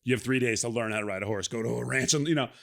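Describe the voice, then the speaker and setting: A middle-aged actor chatting as a podcast guest, with an ordinary mid-range male voice. He tells stories with animation and breaks into quick character voices for quoted lines. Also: mid-range voice, vocal fry. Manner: animated storyteller, acts out quoted lines with laughs. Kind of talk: casual conversation.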